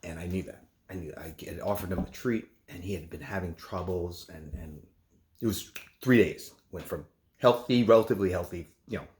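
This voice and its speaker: A middle-aged man with a fairly low voice talks through a casual home vlog. He is a nurse speaking from his kitchen, and he rambles and stops himself often to restart a thought. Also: a little mellow, a little hiss or hum. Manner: rambling, halting with many restarts.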